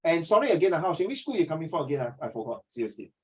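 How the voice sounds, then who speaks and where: A middle-aged Singaporean man speaks in a fairly high voice, teaching a class over a video call. He lectures in an earnest, preachy way and mixes Mandarin phrases into his English. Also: very animated, very fast, a little mellow, poor audio.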